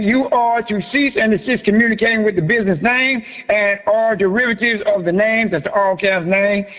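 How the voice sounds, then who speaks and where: A man's voice: sits high, fairly bright tone. A man hosting a group meeting, joking, swearing and laughing, then walking listeners through a form letter. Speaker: host of a private group meeting. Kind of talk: casual teaching talk. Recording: long echoing reverb.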